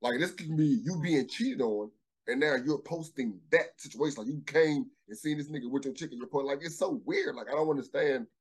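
A man in casual podcast chat, thinking out loud in a reflective, halting way. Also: fairly high pitch, slightly rough, low-quality recording. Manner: reflective, halting, restarts his thoughts.

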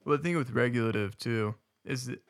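A man's voice: medium pitch, fairly quick. A man co-hosting a casual discussion who rambles, corrects himself mid-sentence and laughs often.

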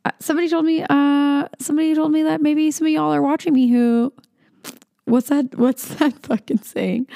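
A woman's voice: sits high, a little fast, vocal fry, dark tone, no echo, clean studio sound. A young adult woman hosting a podcast, talking in a rambling, sarcastic, chatty way and laughing often. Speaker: podcast host. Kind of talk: casual solo podcast chat.

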